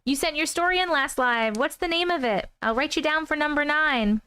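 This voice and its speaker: A woman's voice: high voice, fairly quick, bright, forceful tone, no room sound. A woman hosting a casual livestream at home, reading viewer comments aloud, easily spooked and laughing often. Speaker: host reading viewer stories. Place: home room.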